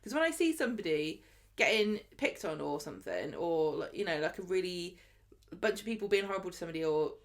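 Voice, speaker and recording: A woman, co-hosting a casual chat podcast and talking in a jokey, ranting way. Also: on the low side. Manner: animated, jokey, quick to rant. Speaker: podcast co-host.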